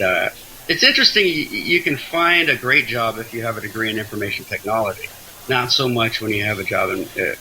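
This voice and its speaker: Bright-voiced chatty man being interviewed. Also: fairly low pitch, a little hiss or hum, poor audio. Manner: chatty, self-deprecating, stumbles and restarts. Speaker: guest. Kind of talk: casual interview chat.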